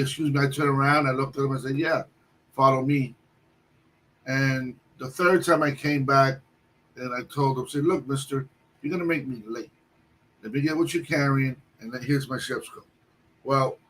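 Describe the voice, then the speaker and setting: A man telling a long personal story on a livestream, halting often and restarting his sentences. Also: medium pitch, a bit bright. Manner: halting, with many restarts and fillers. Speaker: guest storyteller. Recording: distant mic with faint background noise.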